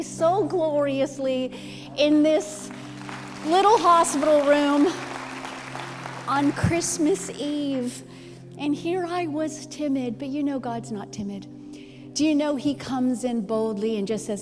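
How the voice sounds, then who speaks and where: A woman's voice: sits high, slow, crowd noise. A middle-aged woman pastor telling a personal story in a sermon, acting out both sides of the conversation. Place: church. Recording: long hall reverb with music behind.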